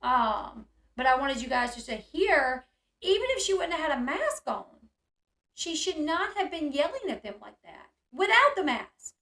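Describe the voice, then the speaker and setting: Woman host, high voice, indignant commentary, echoey room. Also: sing-song, normal speed, a bit bright. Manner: indignant, talks back to viewers' comments. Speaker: channel host reading chat and commenting. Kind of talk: live discussion commentary.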